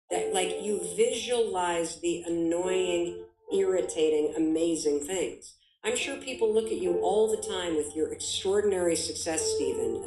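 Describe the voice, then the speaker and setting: A woman's voice: fairly low pitch, unhurried, roomy sound, over music, low-quality recording. A woman giving an emphatic motivational talk as a guest, full of vivid examples. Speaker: guest speaker.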